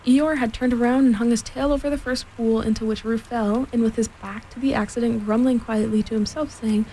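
A woman narrating a storybook aloud in a gentle, measured way. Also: a little high, steady tone, slight background noise, low-quality recording. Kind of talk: storybook reading.

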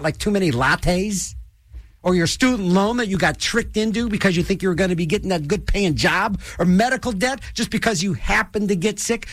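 An older man hosting a radio show, rambling and joking in a loose, animated way in a studio. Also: no echo. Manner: animated, rambling, jokey, restless pitch swings. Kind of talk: rambling radio host chat.

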